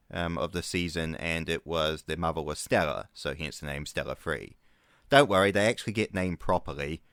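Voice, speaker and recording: A man, low-pitched and smooth, telling ranger stories to camera. He talks in a chatty way and laughs often as he goes. The sound is close and dry, with no room around it. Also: a bit bright, no room sound. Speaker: conservation ranger. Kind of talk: casual storytelling vlog.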